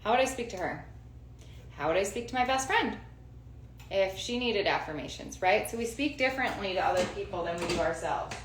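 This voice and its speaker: A woman's voice: medium pitch, lively intonation, brisk. A woman in her forties giving casual self-help advice, emphatic, repeating key phrases and checking for agreement. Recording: roomy sound with faint noise.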